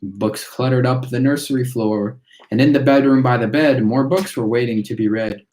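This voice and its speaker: A man reading a chorus of tiny singing factory workers, reciting their verse in a steady rhythm. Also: mid-range voice, moderate pace, lightly acted. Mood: preachy. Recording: roomy echo.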